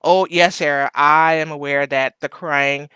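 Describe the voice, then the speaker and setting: A man hosts a live stream, talking loosely through viewer comments with plenty of fillers. His voice is bright and crisp, recorded dry and close with no room sound. He is emotional and keeps fighting back tears. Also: fairly high pitch, fairly even intonation, unhurried, no echo. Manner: loose and rambling with many fillers. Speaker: livestream host. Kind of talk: casual live chat, reading viewer comments.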